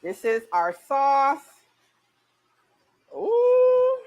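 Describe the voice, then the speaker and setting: A woman's voice: medium pitch, lively intonation, a little slow, fairly bright tone, lo-fi sound. A woman hosting a casual cooking show, bubbly and exclamatory, chatting straight to her viewers as she cooks.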